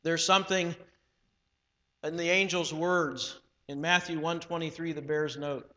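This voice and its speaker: Male preacher, high bright voice, slow deliberate delivery, echoing hall. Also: steady tone. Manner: measured, emphatic preaching with slowed phrases. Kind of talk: sermon. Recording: long hall reverb.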